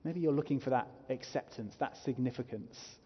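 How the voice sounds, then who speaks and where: Husky man preaching in a reverberant hall. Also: medium pitch, moderate pace, muffled recording. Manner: earnest, rising to emphatic preaching. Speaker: pastor. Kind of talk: sermon. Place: church hall.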